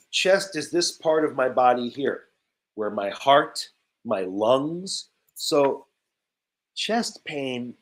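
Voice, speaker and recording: Guy teaching english words real slow, says each one twice, kinda high voice. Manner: speaks slowly and simply, repeats key words. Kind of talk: slow, clear ESL vocabulary lesson.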